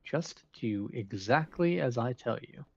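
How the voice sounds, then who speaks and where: A man's voice: medium pitch, expressive, unhurried, vocal fry, a little mellow. Man voicing a haughty male doctor, pompous, condescending, slightly dull sound. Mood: commanding. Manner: pompous, lofty, formal. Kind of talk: reading game dialogue aloud.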